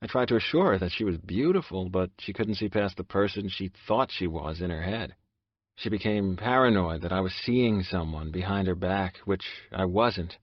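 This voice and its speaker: A man's voice: low-pitched, animated, normal speed, no room sound, highs cut off. A man narrating a first-person audiobook in a subdued, confessional way.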